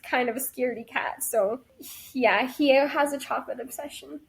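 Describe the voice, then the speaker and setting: A woman's voice: high-pitched, moderate pace, creaky. A young woman co-hosting a podcast, telling a story in easygoing casual chat with dry quips. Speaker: podcast co-host and guest.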